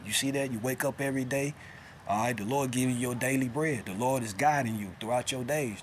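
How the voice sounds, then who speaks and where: Guy doing a street-style bible study, keeps saying man and all right, gets loud then drops low, bit of a hiss behind. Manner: insistent, swings from loud to low. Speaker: scripture teacher. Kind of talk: informal bible teaching.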